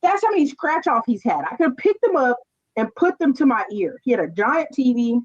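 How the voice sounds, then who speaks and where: Woman rambling through stories, kinda high voice, muffled dry mic. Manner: animated storytelling, quick asides. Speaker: streamer telling stories. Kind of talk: casual chat.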